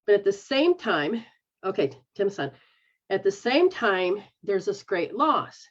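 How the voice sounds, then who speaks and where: A woman's voice: mid-range voice, sing-song, slow, lo-fi sound. A woman who is a psychic medium, giving rambling live readings in a frank manner, sometimes swearing and acting out the voices she quotes.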